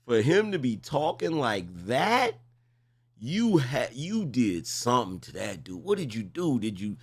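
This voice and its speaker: A man's voice: mid-range voice, sing-song, a little slow, husky. A man in his forties hosting reaction commentary, mocking and incredulous, pressing the same question again and again. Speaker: commentary host.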